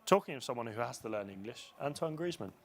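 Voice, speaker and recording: A man's voice: mid-range voice, lively intonation. A man hosting a live football chat show, talking casually with co-hosts and jumping into match commentary. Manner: chatty, quick to jump into commentary.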